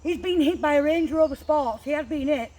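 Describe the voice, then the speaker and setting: A woman's voice: high-pitched, fairly quick, darkish tone, low-quality recording. A woman chatting outdoors on a walk, swearing freely as she tells a story. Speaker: walking companion. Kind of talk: casual chat.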